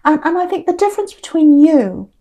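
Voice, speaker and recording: A woman giving a casual tarot reading to camera, musing aloud with frequent restarts and a soft, confiding way of talking. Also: sits high, very animated, fairly quick. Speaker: tarot reader.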